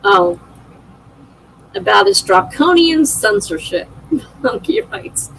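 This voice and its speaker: A middle-aged woman hosts a live stream in a loose, chatty way and reads each viewer comment aloud. She laughs easily between remarks. Her voice sits at a middle pitch, and a faint noise hums behind her. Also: sing-song, takes it slowly, gravelly, low-quality recording. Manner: chatty, laughs often, reads chat out loud. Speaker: livestream host. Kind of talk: casual chat reading viewer comments aloud.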